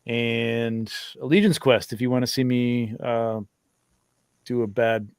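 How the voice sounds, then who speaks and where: A man's voice: medium pitch, steady tone, slow, smooth, dry recording, clean studio sound. A man co-hosting a casual chat, mumbling and self-deprecating, often trailing off. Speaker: regular co-host.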